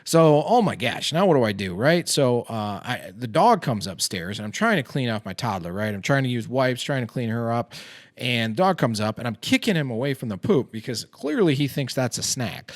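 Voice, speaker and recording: Recorded at studio quality with no echo, this mid-range male voice belongs to a podcast host in his thirties who works as a financial advisor. He's a chatty, self-deprecating storyteller, full of fillers, in a casual conversation over a beer.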